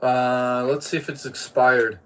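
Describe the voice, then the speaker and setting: A man's voice: medium pitch, fairly even intonation, unhurried, smooth. A man from Boston streaming live, chatting casually about his movie collection and reading out chat messages, swearing now and then.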